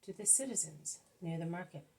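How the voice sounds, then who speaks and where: A woman voicing a gentle male spiritual teacher who explains in a measured, patient way. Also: fairly low pitch, animated, low-quality recording. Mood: calm.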